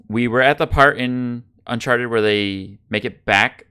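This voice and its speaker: A man's voice: mid-range voice, a little slow, bright, forceful tone, clear, resonant tone. Male podcast host, upbeat and steering the talk, mid-range voice. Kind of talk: casual podcast chat.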